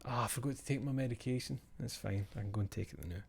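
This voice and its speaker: A man's voice: medium pitch, fast, gravelly, a little mellow, a little hiss or hum. A male streamer chatting casually after a live show, rambling, sweary and self-mocking.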